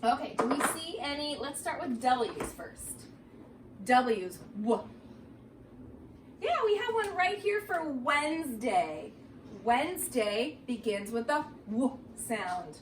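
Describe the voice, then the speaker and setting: A woman teacher giving a slow, sing-song, encouraging phonics lesson and read-aloud for young children. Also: fairly high pitch, lively intonation, recorded from a distance. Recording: roomy echo, voice a little off-mic, faint background noise.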